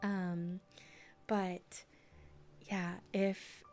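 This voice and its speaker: Soft-spoken woman streamer reading aloud. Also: fairly low pitch, level tone, faint music behind. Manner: soft-spoken, slipping into whispers; chatty and halting between readings, with fillers. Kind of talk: soft ASMR-style reading and stream chat.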